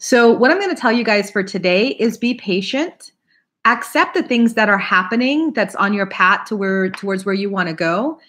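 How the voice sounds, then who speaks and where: A woman's voice: medium pitch, animated, moderate pace, a bit bright. A woman hosting a live tarot reading, chatting casually and laughing often while she greets viewers by name.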